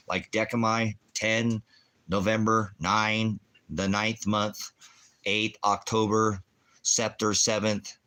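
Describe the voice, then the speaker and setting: A man with a deep, low voice rants on a livestream, hurling profane insults at people in his chat. He mocks them with crude jokes, then cuts into talk about scripture. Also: steady tone, measured pace, pushed and bright. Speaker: livestream ministry host. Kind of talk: livestream rant answering chat.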